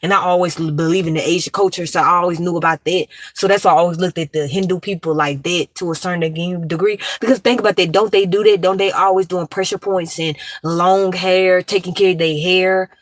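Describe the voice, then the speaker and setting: Woman, blunt slangy live stream talk, lowish voice, dry close sound. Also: no room sound. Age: adult, grown. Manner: fast, animated, blunt and slangy, talks with her hands. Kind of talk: casual live stream chat. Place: in her car.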